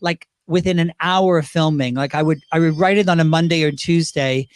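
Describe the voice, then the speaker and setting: A man from Great Britain, a drag performer, telling animated stories in an interview, laughing and slipping into quick impressions. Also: a little high, clean tone. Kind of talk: casual interview storytelling.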